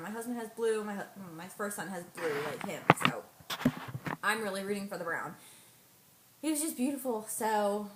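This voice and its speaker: A young woman telling a personal story in a casual vlog, acting out the dialogue with animated quotes and frequent laughs. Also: mid-range voice. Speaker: vlogger. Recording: echoey room, faint noise.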